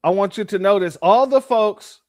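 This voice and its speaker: A man's voice: sits high, moderate pace, a little mellow, dry recording, studio quality. A man hosting reaction commentary, talking bluntly and sardonically to his viewers. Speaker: commentary host.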